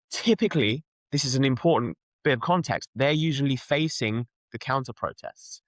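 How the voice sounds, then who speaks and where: A man's voice: medium pitch, fairly bright tone, dry recording. A young man from London, speaking earnestly and emphatically as an interview guest, often restarting his sentences. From London, England. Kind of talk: conversational interview.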